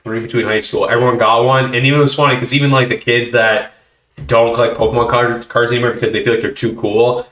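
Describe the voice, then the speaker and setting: A man hosting a casual chat, telling stories with animated voices for the people in them. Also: medium pitch, fast, roomy sound. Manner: animated storytelling, acting out kids' reactions. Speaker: host.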